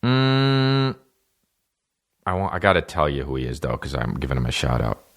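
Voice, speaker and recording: Low-voiced swearing podcast host. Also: male voice, moderate pace. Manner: profane, loose, restarts and tangents. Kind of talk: casual rambling monologue.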